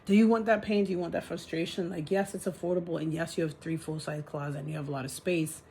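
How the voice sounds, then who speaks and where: A woman's voice: on the low side, fairly even intonation, fast talker, dark tone, slight background noise. A woman venting in a casual vlog from her apartment, frustrated and ranting, swearing as she talks. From New York City. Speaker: vlogger. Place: apartment, indoors.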